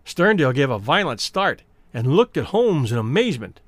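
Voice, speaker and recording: A man narrating a classic detective story in an expressive, dramatic audiobook reading. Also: medium pitch, normal speed, few pauses, no room sound.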